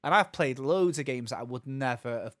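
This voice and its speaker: A man's voice: mid-range voice, a little fast, a bit bright, no echo, studio quality. A man co-hosting a gaming podcast, talking casually and rambling with lots of restarts and asides. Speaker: podcast co-host. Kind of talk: casual chat.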